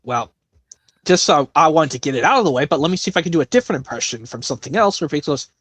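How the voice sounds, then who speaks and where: Man hosting a stream, lively up-and-down pitch, dry close sound, rambling. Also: dry recording. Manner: rambling, with restarts and quick bursts. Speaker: stream host doing voice impressions. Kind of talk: casual stream chat.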